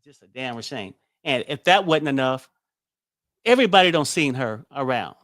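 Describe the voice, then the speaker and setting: A man's voice: mid-range voice, expressive, moderate pace, a bit bright, no room sound, studio quality. A man hosting a casual political commentary show, blunt and exasperated, swearing freely.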